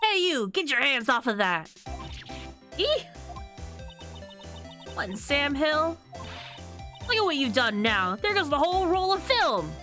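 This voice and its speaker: A woman putting on a loud Southern drawl. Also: sits high, sing-song, unhurried, long pauses, soft background music, pitched above the performer's own voice, heavily acted. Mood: brash. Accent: American Southern. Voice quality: exaggerated drawl. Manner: blustery, scolding. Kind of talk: reading game dialogue aloud.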